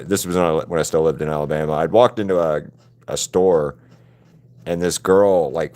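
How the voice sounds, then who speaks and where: A man's voice: deep voice, darkish tone. A man chatting casually with viewers while he paints on a live stream, rambling and laid-back and swearing freely. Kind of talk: casual livestream chat with viewers.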